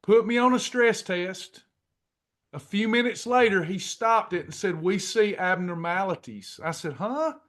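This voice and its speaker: A middle-aged man telling a personal testimony to a class in a folksy, drawn-out way, acting out the dialogue. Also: high voice, a bit bright. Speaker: pastor and weight-loss class leader.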